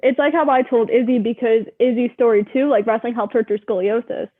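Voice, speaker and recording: A young woman in her twenties, a guest telling stories in a casual interview, animated and quick, full of "like", heard over a remote call. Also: on the high side. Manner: animated, rapid storyteller, full of "like". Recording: tinny phone-like call audio.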